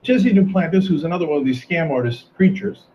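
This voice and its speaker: A man hosting a video commentary, talking in a sarcastic, mocking way and sometimes breaking into shouts. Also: fairly high pitch, a little fast. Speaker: commentary host. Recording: dull lo-fi sound with faint noise.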